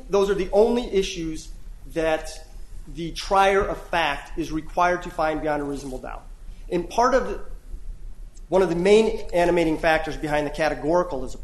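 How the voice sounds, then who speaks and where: A man's voice: on the high side, reverberant, rough recording. A man arguing an appeal before judges, earnest and often restarting his phrases. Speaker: appellate lawyer. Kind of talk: courtroom oral argument. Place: courtroom.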